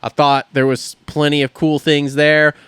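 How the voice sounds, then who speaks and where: A man hosts a studio podcast in a slightly high, smooth, resonant voice. He talks bluntly and animatedly and swears freely. The sound is dry and close to the mic. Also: level tone, moderate pace, a bit bright, no echo. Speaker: podcast host. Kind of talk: casual podcast chat.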